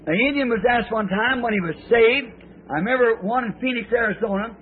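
Middle-aged male preacher, high-pitched, rambling folksy storyteller, faint hiss. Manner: folksy, rambling, drawn-out phrasing. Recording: tinny, lo-fi old sermon tape.

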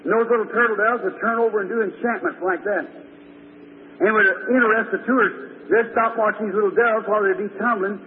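A man's voice: high voice, fairly even intonation, fast. A man preaching a fervent revival sermon, telling Bible stories and asking the congregation questions. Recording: tinny old phone-like recording in a hall.

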